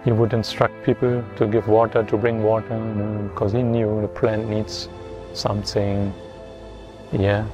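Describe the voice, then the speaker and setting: Man, lowish pitch, disciple reminiscing, habitual "no?" tags. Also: level tone, measured pace, highs cut off, music in the background. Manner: keeps adding a questioning "no?" to his sentences. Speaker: disciple recalling his teacher. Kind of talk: reminiscent talk.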